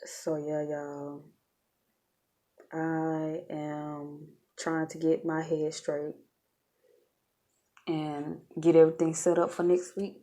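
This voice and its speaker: A woman's voice: sits low, little pitch movement, takes it slowly, pauses often, warm tone. A woman vlogging in a casual, chatty way, talking straight to her viewers and laughing often. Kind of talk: casual storytelling vlog.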